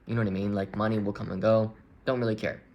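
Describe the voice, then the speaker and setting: Young adult man, lowish voice, candid vlog confession, earnest, halting delivery. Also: level tone, highs cut off. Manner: halting, many restarts and fillers, earnest and open. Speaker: vlogger speaking to his audience.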